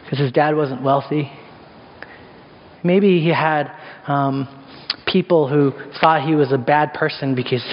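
A man's voice: on the high side, slight background noise. Conversational male preacher in an echoey hall. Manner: conversational, lots of rhetorical questions. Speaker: pastor. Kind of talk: sermon. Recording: echoey hall, dull sound.

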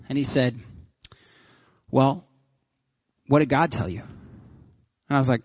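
A man pastor giving a sermon, telling stories with lively energy and frequent laughter, then closing in prayer. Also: fairly high pitch, fairly quick, no room sound, muffled recording. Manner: animated storytelling, laughs often.

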